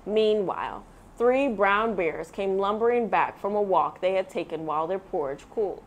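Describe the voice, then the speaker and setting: A woman reads a children's picture book aloud. She tells the story expressively, with a middle-pitched voice. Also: normal speed. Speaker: read-aloud host.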